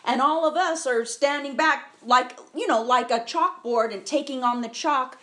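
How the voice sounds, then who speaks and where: Woman co-host, emphatic and preachy, slightly high voice. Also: normal speed, a bit bright. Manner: emphatic, affirming, preachy about self-worth. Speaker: podcast co-host. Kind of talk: casual chat.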